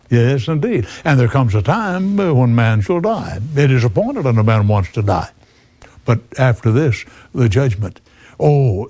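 A man's voice: mid-range voice, mellow. An older man preaching an earnest sermon, calling the listener friend and quoting scripture in old-fashioned wording. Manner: earnest, quotes scripture in King James wording; folksy, addresses listener as friend. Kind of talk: radio sermon.

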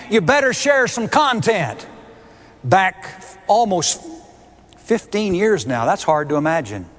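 A man preaching a sermon, emphatic and deliberate, hammering home key words by repeating them. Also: a little high. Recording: long reverb of a large hall.

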